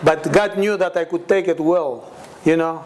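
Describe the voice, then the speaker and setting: There's a little hiss or hum behind this man, whose voice is a bit high and whose speed is normal. Preaching as a guest at a church meeting with a responding congregation, he gives a conversational testimony sermon, laughing often and acting out the voices of people he describes.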